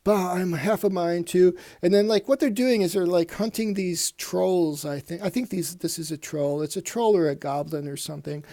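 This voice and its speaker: Gravelly low-toned man chatting about comics. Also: moderate pace, few pauses, mellow. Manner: rambling, reads comic panels aloud in put-on voices. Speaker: comic book show host. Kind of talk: casual comic review.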